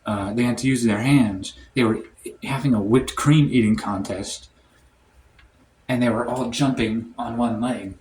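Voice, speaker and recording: A man telling a comic story in a rambling, deadpan way, full of "like" and "um". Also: mid-range voice, unhurried, a little hiss or hum. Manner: rambling, heavy on "like" and "um". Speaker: storytime comedian. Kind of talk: comedic storytime monologue.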